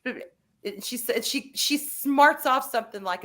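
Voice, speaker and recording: A woman hosting a casual podcast chat, talking in an animated, emphatic way and swearing freely. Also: fairly high pitch, a little slow. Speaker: podcast host.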